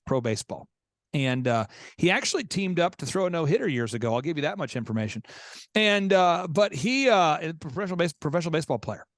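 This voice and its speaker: A man's voice: a little high, dry recording, clean studio sound. A man hosting a business coaching show, telling stories in an emphatic way and repeating words as he builds up a point. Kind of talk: animated storytelling.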